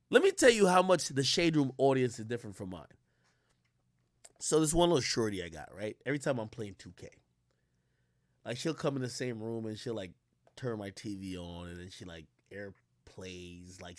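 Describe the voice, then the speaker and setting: A high-voiced man telling stories on a livestream, swinging his pitch up and down and swearing freely as he talks. His voice sits close to the mic in a dry, dead room. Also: no room sound. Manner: animated, profane, storytelling with quoted voices. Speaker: streamer. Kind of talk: casual livestream rant.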